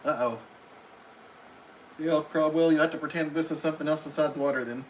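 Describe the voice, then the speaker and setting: A man's voice: on the high side, steady tone, brisk, slight background noise, poor audio. A man hosting a casual live stream from home, reading viewers' comments aloud and answering each one in a friendly, chatty way.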